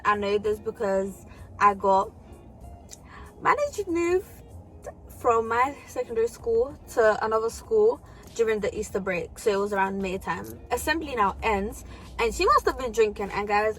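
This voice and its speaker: A young woman telling a storytime vlog in casual, slangy talk with frequent swearing and fillers. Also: mid-range voice. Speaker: vlogger.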